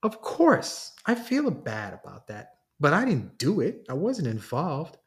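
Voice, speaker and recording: A man's voice: a little high, huge pitch swings, measured pace, exaggerated voice. A man reading a story, voicing a woman friend who speaks eagerly and pleads. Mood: pleading.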